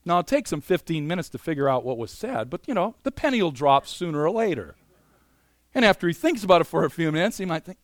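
Male preacher, somewhat high voice, dry close mic; animated sermon delivery with chatty asides. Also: quick pace, no echo. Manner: animated, swings between loud emphasis and quiet asides; conversational, many "you know" fillers.

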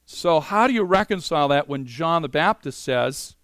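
A man preaching a sermon, animated and conversational, moving between loud emphasis and quiet asides. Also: on the high side, normal speed, no room sound, clean studio sound. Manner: conversational, many "you know" fillers.

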